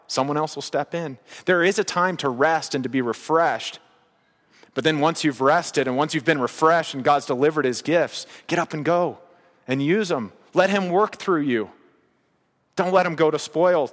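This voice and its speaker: A man's voice: a little high, fairly bright tone, in a large hall. A man preaching a sermon in a casual, conversational way, with bursts of emphasis. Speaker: pastor.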